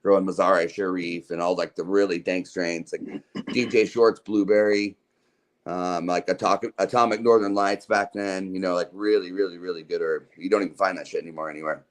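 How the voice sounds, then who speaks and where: A man's voice: deep voice, steady tone, fairly quick. A man from Utah, a podcast guest, telling long casual stories in a laid-back, slangy way, full of "like" and swearing. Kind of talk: casual storytelling.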